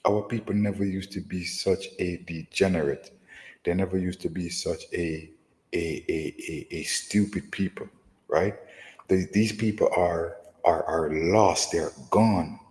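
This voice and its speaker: Male preacher, very low voice, emphatic lesson delivery, reverberant hall sound. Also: fairly even intonation, measured pace, darkish tone. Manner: emphatic, repeats "right?" often. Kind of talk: scripture lesson.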